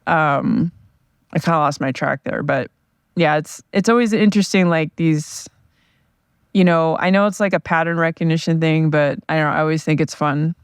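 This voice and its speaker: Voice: medium pitch, moderate pace, clean tone, dry recording, clean studio sound. A podcast host talking casually on their own, rambling and self-deprecating. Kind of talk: casual solo podcast monologue.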